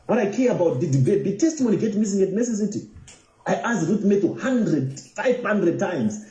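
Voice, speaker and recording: A man's voice: high-pitched, lively intonation, normal speed, warm tone, reverberant, low-quality recording. A Nigerian man giving commentary, insistently repeating his questions. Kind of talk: casual commentary.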